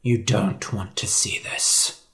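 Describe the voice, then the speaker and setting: A narrator voicing a stern hunter who speaks low and hushed. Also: fairly even intonation, slow pace, whispered. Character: stern grumpy hunter, man.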